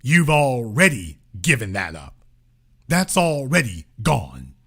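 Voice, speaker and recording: A man's voice: medium pitch, very animated, slow, a bit bright, husky. A man hosting a political commentary show, delivering an emphatic, sarcastic, colloquial monologue. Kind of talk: opinionated monologue.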